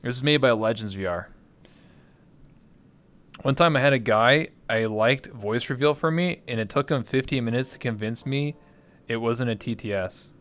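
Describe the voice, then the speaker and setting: A man's voice: mid-range voice, moderate pace, a bit bright. A man hosting a livestream, chatting casually in a rambling, jokey way. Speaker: livestream host. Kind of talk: casual chat.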